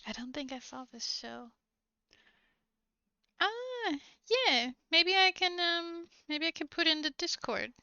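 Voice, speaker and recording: Hesitant, giggly woman streamer, bright voice. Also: extremely high pitch, expressive, takes it slowly, long pauses, no room sound, muffled recording. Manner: hesitant, giggly, trails off with ums. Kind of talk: casual live-stream chat with viewers.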